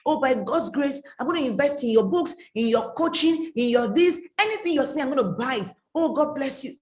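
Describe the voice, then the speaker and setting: A man's voice: very high-pitched, expressive, a little fast, reverberant. A woman acting out an overeager young male student who gushes effusive, breathless praise. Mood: gushing.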